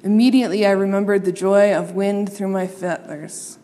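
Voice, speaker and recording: A woman reading a children's story aloud, expressive and playing up the sound words. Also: medium pitch, normal speed, long reverb tail.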